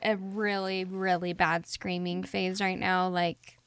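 Wry mom with a gravelly edge, dry sound. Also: female voice, lowish voice, little pitch movement, takes it slowly, dry recording. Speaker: podcast panelist, mother. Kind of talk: casual chat.

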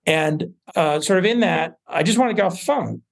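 A man, a venture investor, telling stories in a relaxed interview with many fillers and restarts. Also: high-pitched, moderate pace, gravelly. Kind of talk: casual interview talk.

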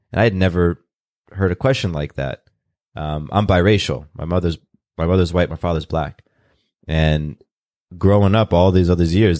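A man with a very low voice speaks in an open, earnest way, taking his time and circling back over his words. The sound is close and dry, with no room around it. He comes across as a guest in a reflective conversation. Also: darkish tone, dry recording. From California, USA. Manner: open, earnest, unhurried with restarts. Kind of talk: reflective personal storytelling.

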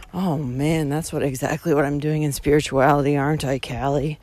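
A young woman hiking vlogger ranting outdoors into her phone, swearing constantly and swinging between shouting and muttering. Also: low voice, steady tone, fairly quick, few pauses. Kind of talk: profane ranting monologue. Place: outdoors on a coastal hiking trail.

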